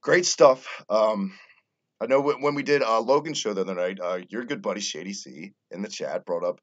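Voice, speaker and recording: Low voiced podcast host guy, animated and sweary, kinda muffled lo-fi audio. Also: moderate pace. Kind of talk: casual wrestling podcast chat. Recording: dull lo-fi audio.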